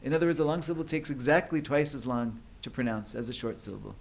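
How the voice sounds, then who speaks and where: A man's voice: medium pitch, lively intonation, fast talker, gravelly, a little hiss or hum. Man giving a conference lecture. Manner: explanatory, with frequent fillers and restarts. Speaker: conference speaker. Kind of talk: academic lecture.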